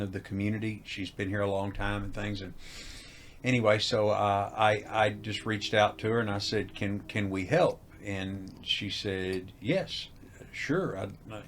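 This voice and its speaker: A man's voice: on the low side, normal speed, slight background noise. A middle-aged man, telling a story as an interview guest and acting out the voices in it. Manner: animated, acts out quoted dialogue. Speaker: haunted house owner, guest.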